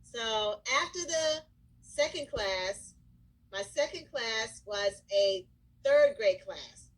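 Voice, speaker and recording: A middle-aged school counselor chats to the camera in a bright, high voice. She tells stories with lots of energy and acts out what people said. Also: takes it slowly, poor audio. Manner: animated, lively storyteller who breaks into excited shouts and acts out quotes. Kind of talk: casual storytelling to camera.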